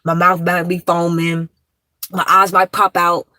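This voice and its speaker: A woman live-streaming from her car, talking fast and bluntly in slangy casual chat. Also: on the low side, flat delivery, pushed and bright, dry recording. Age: adult, grown.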